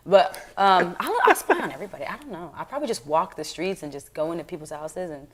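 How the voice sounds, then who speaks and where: A young woman comedian in a casual interview, telling animated, frank stories and switching into the voices of people she quotes. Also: on the low side, fast, slight background noise. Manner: frank, swears casually, laughs often.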